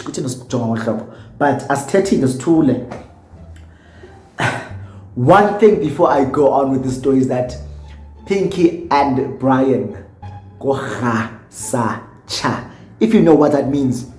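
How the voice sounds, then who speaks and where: A man's voice: on the high side, roomy sound. A tipsy South African man with a South African accent, telling a story in a vlog and acting out what people said. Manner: animated storyteller who acts out quotes. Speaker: YouTuber.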